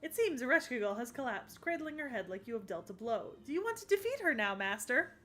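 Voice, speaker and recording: A woman voicing a soft-spoken, polite young companion who sounds uneasy, in an English anime dub. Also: on the high side, very animated, brisk.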